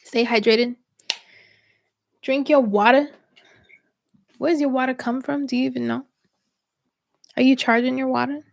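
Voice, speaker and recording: Young woman doing a spiritual livestream, kinda high voice with lots of fry, chatty, laughs a lot, close dry mic. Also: steady tone, a little slow, pauses often, dry recording. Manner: chatty, laughs often, filler-heavy. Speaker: spiritual reader hosting a livestream. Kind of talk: casual livestream chat with viewers.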